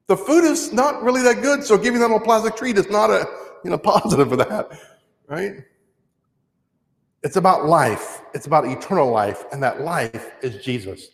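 A man preaching a sermon in a church, conversational and slowing down to stress key words. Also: high-pitched, animated. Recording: echoey church hall.

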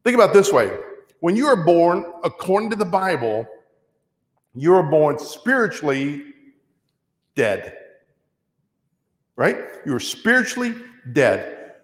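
A man with a fairly high voice preaches a sermon, talking to his congregation like a conversation. He slows right down to press on key words. His voice rings through a church hall with a long, echoing reverb. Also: big pitch swings. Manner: conversational preaching with slow emphatic stresses.

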